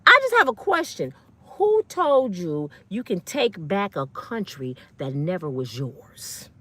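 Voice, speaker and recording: A woman's voice: on the high side, wildly swooping pitch, a little slow, bright, forceful tone. A woman in her fifties, an online commentator, delivering a blunt, fiery, profane rant full of slang. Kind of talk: ranting monologue.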